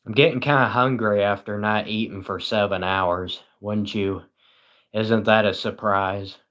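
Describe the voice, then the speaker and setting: A man's voice: on the low side, fairly even intonation, measured pace, fairly bright tone. A tired British man hosting a livestream, chatting casually and reading viewers' comments with dry, self-mocking sarcasm. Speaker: livestream host.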